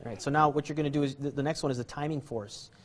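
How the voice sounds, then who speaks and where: A man with a slightly higher than usual voice teaching card tricks in a loose, rambling way. He cracks jokes, pokes fun at himself and chuckles between his explanations. It sounds like a casual tutorial rather than a polished show. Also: steady tone, racing. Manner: rambling, jokey, self-deprecating, chuckles often. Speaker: magic instructor.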